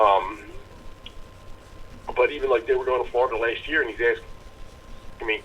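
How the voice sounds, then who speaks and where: A man's voice: medium pitch, fairly even intonation, moderate pace, pauses often, a bit bright, slight background noise, rough recording. A man co-hosting a podcast, telling long casual stories and acting out the people he quotes. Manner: rambling storyteller, acts out quoted people. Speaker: podcast co-host. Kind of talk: casual chat.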